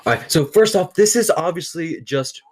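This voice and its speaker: A man's voice: a little high, animated, moderate pace. A man hosting a casual political commentary show, enthusiastic and peppering his talk with "all right". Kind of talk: casual commentary over clips.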